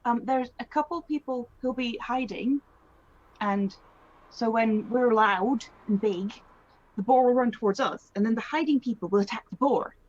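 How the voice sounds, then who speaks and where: A woman's voice: a little high, normal speed. A woman playing a tabletop game, talking in a hesitant, stumbling way as she plans. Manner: hesitant, stumbling over words. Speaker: player. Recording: dull lo-fi stream audio.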